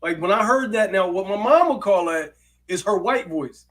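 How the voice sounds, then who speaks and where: Casting note: playful male podcast co-host, high bright voice, hyped and laughing. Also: lively intonation, moderate pace, low-quality recording. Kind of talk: casual chat.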